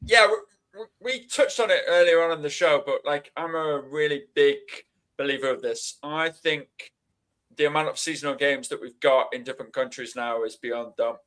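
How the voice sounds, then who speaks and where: A podcast co-host with a higher, fairly bright voice rants sarcastically in a casual chat. His tone stays steady and his pace is normal.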